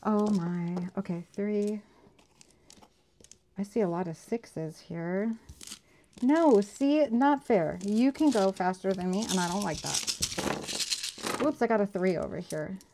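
A woman's voice: medium pitch, slow pace, long pauses, dark tone, a little hiss or hum. A woman hosting a casual home game night, playful and teasing, laughing as she plays dice at a table indoors. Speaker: savings channel host.

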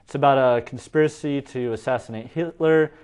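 Easygoing male co-host, mid pitch, chatty review style. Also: a little fast, smooth. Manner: relaxed, chatty, with frequent restarts and hedges. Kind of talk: casual movie review chat.

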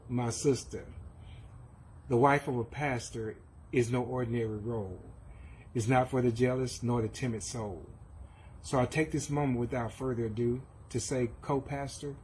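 A man's voice: medium pitch, a little mellow, a little hiss or hum, low-quality recording. Man reciting a rhyming tribute. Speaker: church member giving a tribute.

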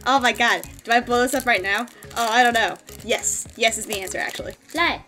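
Bubbly high-voiced woman. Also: a little fast, soft background music. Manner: bubbly, giggly, excitable. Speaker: gaming content creator. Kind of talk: casual unboxing vlog.

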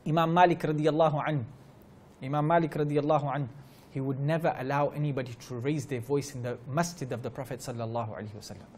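Speaking at a religious gathering, this Islamic teacher tells stories earnestly, repeats key phrases, and fluently recites Arabic verses during his lecture. His voice is medium in pitch and darkish in tone, with fairly even intonation and a quick pace. There is slight background noise.

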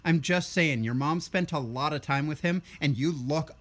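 A young man with a somewhat high voice delivers a blunt, sarcastic political rant. He sounds tired, with a ranting, combative edge throughout. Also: moderate pace, fairly bright tone. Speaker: vlogger.

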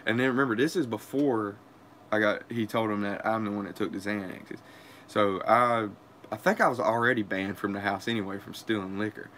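A man's voice: fairly low pitch, steady tone, fairly quick, a bit bright, slight background noise. A young man, telling a crude, profane story in casual vlog chat and laughing often. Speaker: vlogger.

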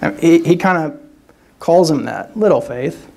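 A man's voice: on the high side, animated, normal speed, gravelly, a little mellow. A man giving a sermon as a guest speaker, talking conversationally, often restarting phrases and checking in with the listeners. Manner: conversational preaching with frequent "right?" tags and restarts.

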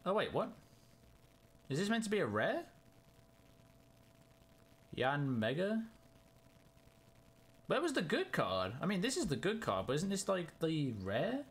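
A young man chatting casually and excitedly to himself in a card-opening vlog. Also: on the high side, unhurried, long pauses, breathy edge. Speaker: YouTuber.

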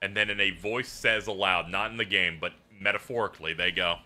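A man livestreaming and chatting casually about a game, telling it as an animated story with swearing and laughter. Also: low voice, a little fast, faint music behind. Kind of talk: casual gameplay chat.

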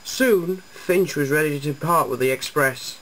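A narrator reading a homemade storybook tale about engines, halting with occasional restarts. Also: medium pitch, heavy background noise.

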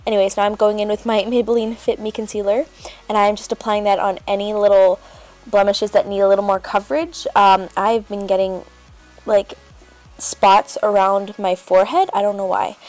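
A woman's voice: mid-range voice, level tone, normal speed, a little mellow, faint music behind. A woman chatting casually as she narrates a makeup tutorial, rambling with lots of fillers. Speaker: beauty vlogger.

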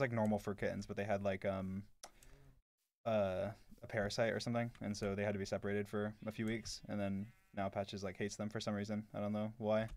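A young man in his twenties casually answering chat on a live stream, blunt and sarcastic, with lots of "like". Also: lowish voice. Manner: blunt and offhand, heavy filler "like", sarcastic asides.

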